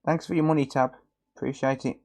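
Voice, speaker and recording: A man's voice: mid-range voice, steady tone, brisk, creaky, a little mellow. A man chatting casually on a live stream while fixing electronics, often muttering and teasing viewers.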